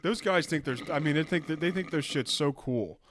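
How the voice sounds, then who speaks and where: A man co-hosting a casual podcast, telling stories in a rambling, halting, deadpan way. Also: fairly high pitch, crowd noise. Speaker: podcast co-host.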